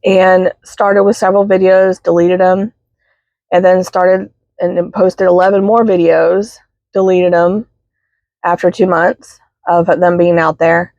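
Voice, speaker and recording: A woman's voice: on the low side, little pitch movement, a little mellow, no room sound. Woman, teary vlogger, hesitant and filler-heavy, dull dry car-phone sound. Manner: halting, many fillers and apologies. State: teary, sniffling. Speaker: spiritual healing vlogger. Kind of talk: casual heartfelt vlog. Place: parked car.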